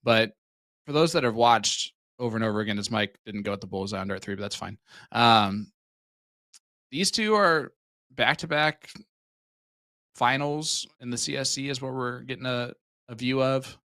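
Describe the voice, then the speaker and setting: Bright-voiced joking darts commentator, man. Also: medium pitch, no room sound. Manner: joking, chatty, quick asides. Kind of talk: live sports commentary.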